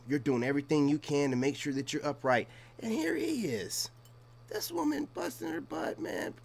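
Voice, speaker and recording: A man's voice: mid-range voice, a little mellow. An American man giving casual reaction commentary, blunt and slangy, talking straight to his viewers.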